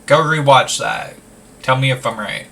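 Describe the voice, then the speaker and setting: A man's voice: medium pitch, normal speed, creaky, bright, forceful tone, recorded from a distance, a little hiss or hum. A man hosting a let's play, rambling casually with lots of "like" and the odd swear word. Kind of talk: casual gameplay commentary.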